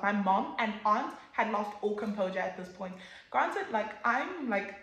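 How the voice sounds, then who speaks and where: A young woman telling a casual storytime, animated and swearing, acting out what people said. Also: mid-range voice, measured pace, echoey room. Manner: animated, swears, acts out quotes with sudden loud jumps. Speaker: vlogger.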